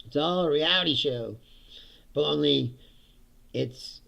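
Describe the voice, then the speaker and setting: A middle-aged man hosts his own livestream, venting about the news in a sarcastic, profane way and breaking into laughter often. His voice is bright and forceful, sitting a little high, with a heavy gravelly rasp. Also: slow pace. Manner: sarcastic, laughs often, swears, mimics others. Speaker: livestream host. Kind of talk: casual political commentary livestream.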